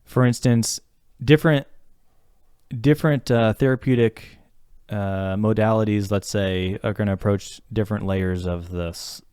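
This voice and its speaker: A man's voice: fairly low pitch, unhurried, darkish tone, smooth, no echo, studio quality. A man co-hosting a podcast, talking in a reflective, earnest way with lots of fillers and restarts. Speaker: podcast co-host talking about therapy. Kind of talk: casual podcast conversation.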